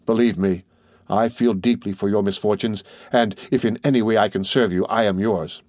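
Narrator doing a stammering young secretary, raised and startled, dry close sound. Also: male voice, fairly low pitch, steady tone, moderate pace, a little mellow, no echo, close to an everyday voice. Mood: earnest. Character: flustered young male government secretary.

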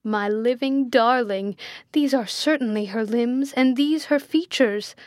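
A woman voicing a blind, commanding and desperate gentleman in an audiobook, speaking with impassioned, imperious urgency. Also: on the high side, steady tone, unhurried, dry recording, clean studio sound, close to an everyday voice. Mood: overwhelmed. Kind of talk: audiobook character reading.

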